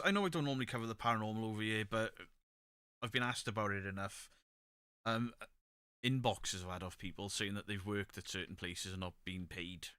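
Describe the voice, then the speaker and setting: Man, live stream host, bright forceful voice, dry close mic, chatty and blunt. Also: lowish voice, smooth, no room sound. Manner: chatty, opinionated, swears freely. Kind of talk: casual live chat reading comments. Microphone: desk microphone, pulled close.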